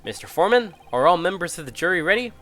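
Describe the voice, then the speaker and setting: A man's voice: high voice, sing-song, fast, fairly bright tone. A man doing a stately old judge. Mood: formal. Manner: stately, formal courtroom phrasing. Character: formal older male court judge.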